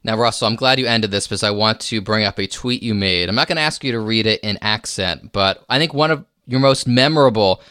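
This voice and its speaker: A man's voice: lowish voice, brisk, few pauses, bright, forceful tone, smooth, no room sound, clean studio sound. A man co-hosting a podcast, asking a guest playful questions in casual chat. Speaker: podcast co-host.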